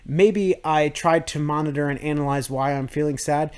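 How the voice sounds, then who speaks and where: A man's voice: a little high, fairly even intonation, normal speed, clear, resonant tone. A young man hosting a self-improvement podcast, talking through his thoughts in a rambling, reflective monologue full of restarts. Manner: rambling, with many restarts and fillers. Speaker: podcast host.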